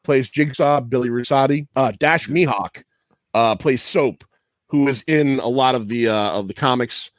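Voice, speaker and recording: A podcast host, a man, rambles through his trivia in loose, profane chat and laughs at his own asides. His voice sits at a middling pitch. The recording is dry and close, with no room sound at all. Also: moderate pace, no echo.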